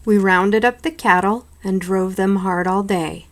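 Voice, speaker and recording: A woman's voice: medium pitch, fairly even intonation, measured pace. Home read-aloud: a woman reading children's books, unpolished, with small slips. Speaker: reader.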